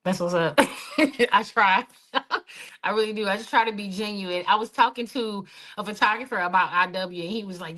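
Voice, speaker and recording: Passionate woman, animated storyteller, podcast guest. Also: medium pitch, normal speed. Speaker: guest, hike organizer. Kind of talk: podcast interview, personal story.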